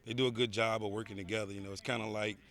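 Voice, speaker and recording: A head football coach with a somewhat low voice speaks in an outdoor interview at a practice field. He talks earnestly, restarting phrases and leaning on "you know.". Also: flat delivery, racing, fairly bright tone. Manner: earnest, repeats words and says "you know" often.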